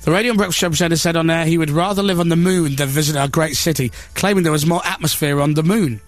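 A man's voice: on the high side, fairly even intonation, quick pace, soft background music. A man hosting a radio breakfast show, chatting and reading a newspaper story aloud with sarcastic, mocking asides. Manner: sarcastic, mocking, self-deprecating. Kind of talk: casual on-air banter, reading a newspaper aloud. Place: radio studio. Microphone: studio microphone.

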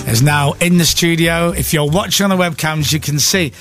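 Radio host guy in the studio, upbeat, keeps things moving, bit high voice. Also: moderate pace, over music. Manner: upbeat, guiding the segment. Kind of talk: breakfast radio presenting.

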